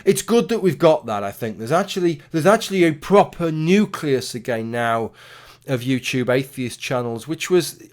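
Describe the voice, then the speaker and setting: Opinionated rambling man vlogging. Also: mid-range voice. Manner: opinionated, rambling, with restarts and swearing. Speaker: YouTuber. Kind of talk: casual talking-head commentary.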